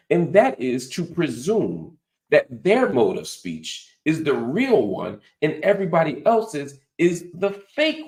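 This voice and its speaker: A man's voice: high-pitched, a little mellow, echoey room. A man hosting a political commentary show, teaching in an emphatic, preacher-like cadence. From United States. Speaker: host.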